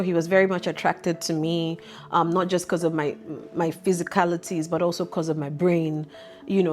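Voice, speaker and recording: A woman's voice: on the low side, darkish tone. A woman hosting a vlog, telling a candid personal story in a casual, chatty way. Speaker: vlog host.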